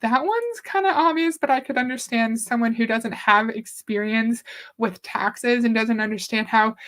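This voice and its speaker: A woman from Canada talks casually on her livestream. Her voice sits a little high, and she chats with viewers, reads their comments out loud and swears lightly now and then. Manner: chatty, reads viewer comments aloud, mildly profane. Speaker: livestream host. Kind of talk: casual live-stream talk.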